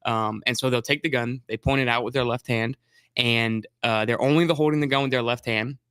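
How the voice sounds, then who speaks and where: A man's voice: mid-range voice, steady tone, brisk, fairly bright tone, clean tone, dry recording. A man who teaches new shooters, chatting casually about his drills with lots of fillers and restarts. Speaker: firearms instructor. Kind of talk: casual explanatory chat.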